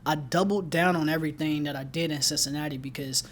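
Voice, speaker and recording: A man's voice: on the high side, steady tone, quick pace. Upbeat young man in casual chat. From Ohio. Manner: upbeat, laughs often, restarts phrases. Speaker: podcast co-host.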